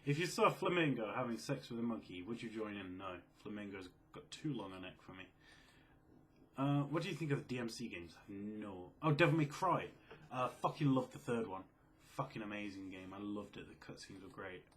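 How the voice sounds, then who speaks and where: A quiet, low-key young man in casual chat, reading out and answering viewer questions. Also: animated, brisk, slight background noise. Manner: quiet, low-key, self-described mellow and sleepy.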